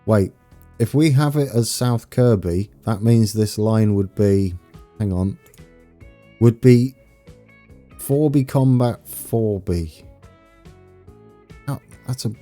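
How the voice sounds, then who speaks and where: A man's voice: lowish voice, slow, dark tone, faint music behind. A young English man with an East Anglian accent streaming a game, chatting casually, laughing at himself and greeting viewers by name. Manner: chatty, self-mocking, laughs often, reads out viewer names. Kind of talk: casual live-stream chat while playing.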